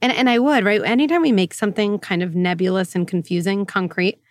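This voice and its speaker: A woman hosting a parenting show as a psychologist, talking through advice in a casual, animated way and acting out quoted inner voices. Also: mid-range voice, brisk.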